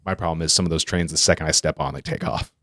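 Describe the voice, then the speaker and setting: In a casual podcast chat, a man with a deep, rumbling voice talks fast, rambling and correcting himself as he tells animated stories. The audio is dry, with no room sound.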